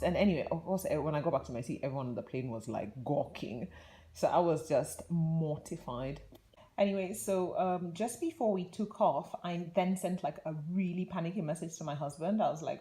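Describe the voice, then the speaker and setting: A woman's voice: low-pitched, moderate pace, dark tone. A young woman vlogger telling a rambling, chatty story in a casual way, laughing often between her words.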